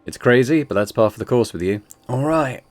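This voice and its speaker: A man's voice: medium pitch, lively intonation, a little fast, no echo, soft background music, lightly acted. A man voicing a defiant, determined woman rebel in a tabletop game, in a lightly raised voice. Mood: fierce. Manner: fierce, determined. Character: defiant young woman club-running rebel.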